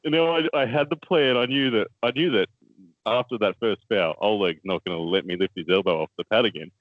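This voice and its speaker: A man's voice: on the low side, brisk, no echo, phone-quality sound. A man with an Australian accent, co-hosting a casual chat and telling a story, laughing often and repeating words as he goes. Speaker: co-host, armwrestler.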